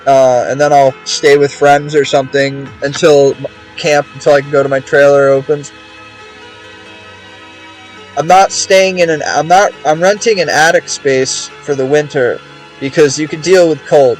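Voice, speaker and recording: A man's voice: a little high, fairly even intonation, moderate pace, faint music behind, poor audio. A young man streaming a game, chatting casually in a rambling, profane way with many restarts. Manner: rambling, profane, repeats words.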